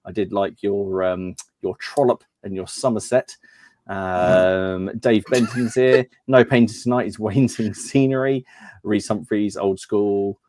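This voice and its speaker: A man's voice: fairly low pitch, a little slow, a little mellow, no room sound. A man hosting a hobby podcast in a casual, chatty way, reading out names, teasing his co-hosts and laughing often. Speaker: podcast host.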